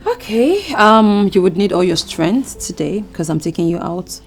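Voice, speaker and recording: A Nigerian actress playing a controlling woman who claims to be a mother, speaking slowly and insistently, often hushed. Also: medium pitch, big pitch swings, faint music behind. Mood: coaxing. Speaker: actress in a film. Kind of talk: film drama acting.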